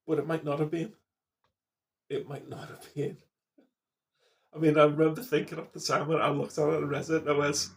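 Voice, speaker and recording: A man's voice: on the high side, fairly even intonation, moderate pace. A man in his fifties, rambling casually, swearing and restarting his sentences. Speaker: vlogger.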